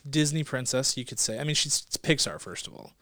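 A man's voice: medium pitch, expressive, fairly quick, sharp tone, no room sound, studio quality. A man co-hosting a casual movie podcast, playful and teasing, laughing often. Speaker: podcast co-host.

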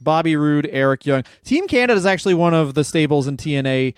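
A man with a slightly raised voice walks through old stories on a comedy podcast, joking quickly and breaking into laughs. His voice sounds close and dry. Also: fairly high pitch, lively intonation, clear, resonant tone, no room sound. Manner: fast joking recaps with bursts of laughter. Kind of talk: casual comedic chat, recapping wrestling history.

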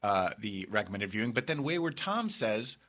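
A campy, joking podcast host in his fifties, a man who teases his co-hosts. His voice is bright and forceful, set slightly low. He talks in loose, casual banter. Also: sing-song. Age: 50s. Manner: playful, campy, quick with jokes. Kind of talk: casual comedy podcast chat.

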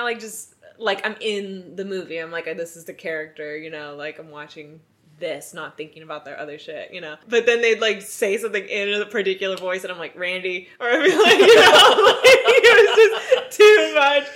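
A woman's voice: medium pitch, sing-song, moderate pace, few pauses, a bit bright. A woman co-hosting a podcast in a casual chat. She is enthusiastic and chatty, and she laughs easily. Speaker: podcast co-host.

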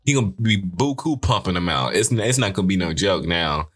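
Animated man ranting with sarcastic swings. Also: breathy edge. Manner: animated, sarcastic, swearing, quick pitch swings. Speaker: show host. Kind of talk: casual commentary.

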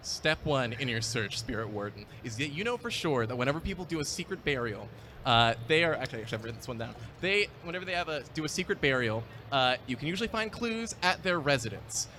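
A man's voice: medium pitch, sing-song, quick pace, bright, forceful tone, slight background noise. A man narrating a tabletop game as game master, laughing often and hesitating with fillers.

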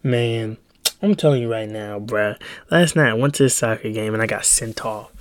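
A man's voice: lowish voice, moderate pace. A young man hosting a solo podcast, telling a heated story in a rambling, profane way. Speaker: podcast host. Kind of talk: casual solo podcast monologue.

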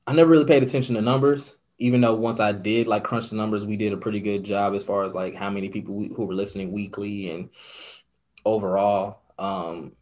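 A man's voice: fairly low pitch, steady tone, fairly quick, darkish tone. A young man talking earnestly as an interview guest, reflective and full of fillers. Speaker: guest, podcaster and radio host. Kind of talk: casual interview talk.

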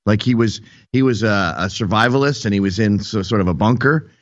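A man hosting a podcast in casual comedic chat, mocking and animated. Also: on the low side, fairly quick, no echo. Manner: animated, mocking, puts on voices. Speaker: podcast host. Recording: dull dry lo-fi studio sound.

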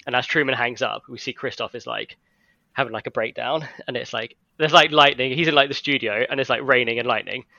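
Casual male storyteller, quick and bright-voiced, dry muffled recording, chatty rambling delivery. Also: medium pitch, gravelly, dry recording. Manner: rambling storytelling, heavy use of "like". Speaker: friend retelling an imagined film plot. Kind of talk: casual chat among friends.

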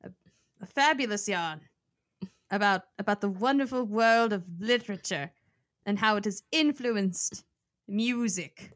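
A woman's voice: mid-range voice, a little slow, a bit bright. A young woman in her twenties co-hosting a podcast, chatty and self-mocking, laughing often. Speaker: podcast co-host. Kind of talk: casual chat.

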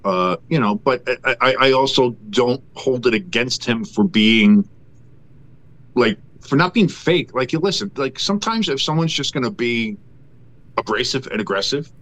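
A man co-hosting a casual sports podcast, talking in a rambling, halting way with many fillers and restarts. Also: medium pitch, lively intonation, a bit bright. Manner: rambling, halting with many fillers, then a profane ranting tirade.

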